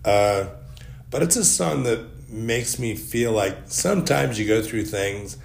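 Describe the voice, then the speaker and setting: Rambling man with a low voice. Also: lively intonation, measured pace, gravelly, a little hiss or hum. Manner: rambling, wry and joking. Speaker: podcast host. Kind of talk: casual solo podcast monologue.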